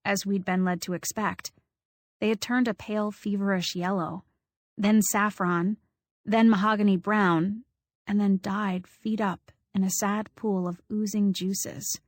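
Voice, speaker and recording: A woman's voice: medium pitch, fairly even intonation, measured pace, dry recording, clean studio sound. Wry woman reading an audiobook. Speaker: audiobook narrator. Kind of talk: scripted first-person audiobook narration.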